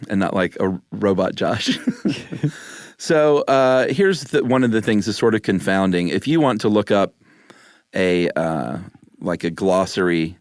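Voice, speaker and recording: Deep-voiced man, laughing podcast co-host. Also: a little slow, no room sound, clean studio sound. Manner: laughing often, rambling and hesitant. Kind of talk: casual chat.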